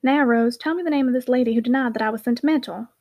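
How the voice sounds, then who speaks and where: Coaxing young gentleman, teasing and quick, read by a woman. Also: fairly high pitch. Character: brooding young male mill owner.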